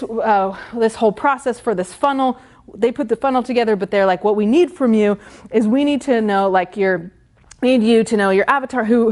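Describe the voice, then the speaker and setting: A middle-aged woman business coach telling a personal story in an animated way, acting out her own past dialogue with lots of "like" fillers. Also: medium pitch. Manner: frequent "like" fillers. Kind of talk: storytelling monologue.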